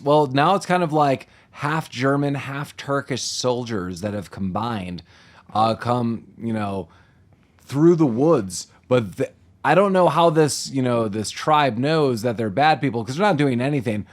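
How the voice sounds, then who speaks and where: A man co-hosting a casual podcast, recapping a film with loose, rambling asides. His pitch sits right in the middle of the male range. He keeps drifting into quick side comments. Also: animated. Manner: rambling, quick asides, mock-quoting characters. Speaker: podcast co-host. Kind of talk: casual movie recap chat.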